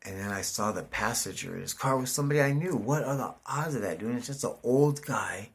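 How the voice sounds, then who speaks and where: A middle-aged man telling a rambling, profane story, saying "dude" constantly and jumping up loud when excited. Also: mid-range voice, a little fast, slightly rough. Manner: animated, voice jumps up in excitement. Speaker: vlogger. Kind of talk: casual storytelling monologue.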